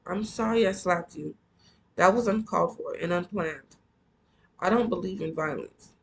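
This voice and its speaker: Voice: medium pitch, moderate pace, gravelly, slight background noise, close to an everyday voice, rough recording. A reader voicing a stern, lecturing stepfather. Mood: stiff. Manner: lecturing, then stiffly apologetic. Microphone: earphone mic.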